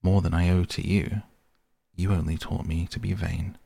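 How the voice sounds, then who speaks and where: A man's voice: sits low, little pitch movement, moderate pace, creaky, mellow, slightly rough, dry recording, exaggerated voice. A man reading the part of a vain, coolly dismissive young man in a sleep story, with an airy, dismissive manner. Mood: languid, dismissive.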